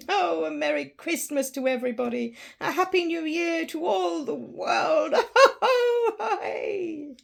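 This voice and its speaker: A woman's voice: sits high, animated, moderate pace, creaky. A woman voicing Scrooge, an elderly man who has turned overjoyed and giddy, laughing and exclaiming in a storybook reading. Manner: laughing, exclaiming, breathless with glee.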